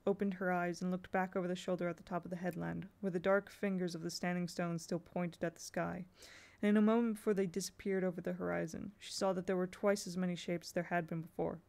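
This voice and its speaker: Woman reading aloud in a flat, gravelly voice. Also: on the low side. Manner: even, unhurried storytelling with small restarts. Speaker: audiobook reader. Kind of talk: amateur audiobook reading.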